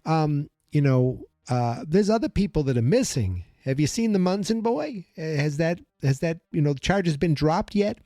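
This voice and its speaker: A man's voice: a little high, expressive, moderate pace, few pauses, mellow, dry recording, clean studio sound, voice pushed up. A man voicing a nosy small-town man with a New York accent who calls the police with pushy questions.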